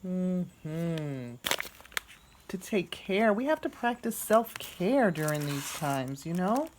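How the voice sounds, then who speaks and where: A woman vlogging as she unboxes a gift at home, talking softly and gushing with gratitude. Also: on the low side, big pitch swings, background noise. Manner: slow, soft-spoken and gushing with gratitude. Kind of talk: casual unboxing narration.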